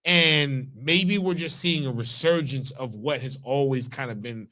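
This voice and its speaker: Man, radio co-host, casual comedic chat, bright, halting and profane. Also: medium pitch. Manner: rambling, profane, halting restarts.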